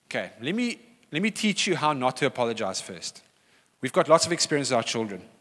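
Man, middle-aged pastor, bright lively voice, emphatic sermon, long hall reverb. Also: medium pitch, brisk. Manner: animated, emphatic, repeats key phrases. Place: church hall.

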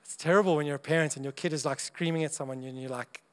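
A man with a notably high voice delivers a sermon to his congregation. He talks in a chatty, joking way and keeps acting out short exchanges between people. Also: steady tone, fast. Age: adult parent of young children. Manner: chatty and humorous, acts out little dialogues. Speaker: preacher.

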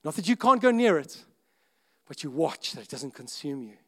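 Animated man preaching. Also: a little high, normal speed. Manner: earnest, conversational, with self-interrupting restarts and sudden rises in volume. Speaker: pastor. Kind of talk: sermon.

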